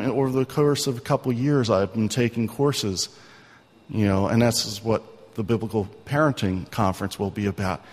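A male pastor preaching a sermon in an earnest, conversational way, often asking his listeners questions. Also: on the low side. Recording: long reverb of a hall.

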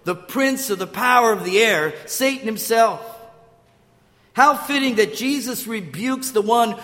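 A man's voice: high-pitched, animated, measured pace, pushed and bright, long reverb tail. An older man preaching a sermon, telling stories with restarts and acting out quotes. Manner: storytelling with restarts, acts out quotes. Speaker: pastor.

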